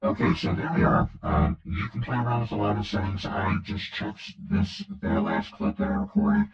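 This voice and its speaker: A man's voice: on the low side, huge pitch swings, normal speed, slight background noise. A man chatting playfully through a voice-changer filter while demonstrating a microphone. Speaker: tech reviewer. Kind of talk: casual product demo. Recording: distant, echoey, dull lo-fi sound.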